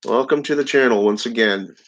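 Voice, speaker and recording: A man's voice: mid-range voice, a little fast, fairly bright tone. A man hosting his channel, reading viewer comments aloud in a casual live-stream chat and chuckling often. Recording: dull lo-fi audio.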